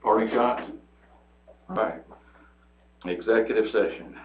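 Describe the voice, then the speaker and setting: A man chairing a county board meeting, polite and measured, often pausing with "uh". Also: fairly low pitch. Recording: tinny phone-like sound in an echoey room with noise.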